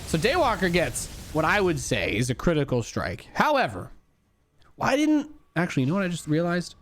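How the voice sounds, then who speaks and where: A man's voice: a little high, huge pitch swings, normal speed, a bit bright. A young man giving casual, joking commentary on an esports replay as a streamer. He swings between hype and dry asides. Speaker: streamer and caster.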